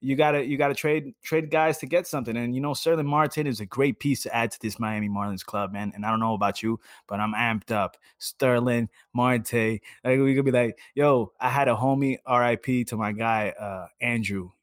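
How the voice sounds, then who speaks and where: A man co-hosting a sports podcast, talking in an excited, casual way and slipping into loud shouted bits. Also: medium pitch, normal speed, few pauses, no room sound, clean studio sound. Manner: animated, drops into loud shouted impressions. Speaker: podcast co-host. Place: at home.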